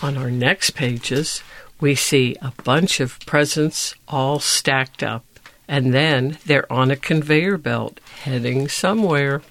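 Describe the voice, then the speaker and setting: A storyteller reading a children's picture book aloud, describing each page in a slow, deliberate, gentle way. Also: medium pitch.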